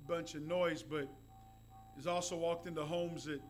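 High-voiced preacher. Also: male voice, steady tone, moderate pace, soft background music. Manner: folksy storytelling with asides. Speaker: pastor. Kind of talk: sermon.

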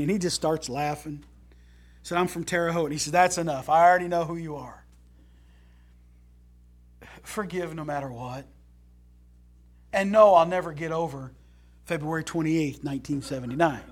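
A man preaching from the pulpit in a folksy, animated way, with a somewhat high voice. He jumps from loud, emphatic lines to quiet, low asides and slips in jokes along the way. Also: moderate pace, long pauses. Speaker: pastor. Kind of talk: sermon.

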